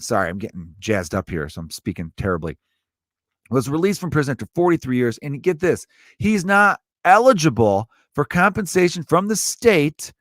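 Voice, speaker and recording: A man's voice: mid-range voice, dry recording, studio quality. A man hosting a comedy podcast, ranting in a profane, loose way and jumping between topics.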